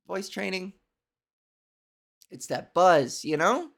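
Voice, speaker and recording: A woman's voice: fairly low pitch, slow, creaky, pauses often. A young woman with a scratchy, cartoony voice hosts a comedy stream in a rambling, profane, self-deprecating way. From Canada. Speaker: comedy show host. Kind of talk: casual live-stream monologue.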